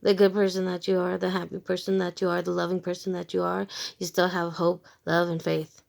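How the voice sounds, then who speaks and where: A woman's voice: fairly low pitch, monotone, fairly quick, gravelly, darkish tone. A woman giving a casual tarot reading to her viewers, frank and emphatic, swearing freely and repeating short phrases as she talks. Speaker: tarot reader.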